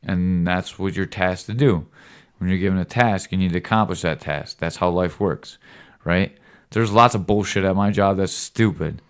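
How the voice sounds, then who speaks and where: A man's voice: sits low, normal speed, clean tone. A man, a podcast host, giving his son a rambling, earnest fatherly lecture in casual talk, often checking in with "right?". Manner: lecturing, occasional cussing.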